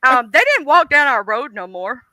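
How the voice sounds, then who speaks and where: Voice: sits high, wildly swooping pitch, normal speed, very noisy. A co-host chatting casually, sharing matter-of-fact tips and a laughing anecdote. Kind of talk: casual chat. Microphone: streaming microphone.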